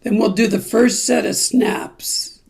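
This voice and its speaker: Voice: mid-range voice, steady tone, slow, gravelly, a little mellow. A ukulele group teacher explaining song timing step by step and breaking into snippets of the lyrics. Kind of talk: song-by-song music lesson.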